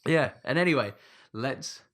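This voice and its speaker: A man's voice: mid-range voice, animated, a little slow, fairly bright tone. A man hosting a podcast, chatting casually and laughing, with frequent fillers. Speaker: podcast host. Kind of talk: casual chat.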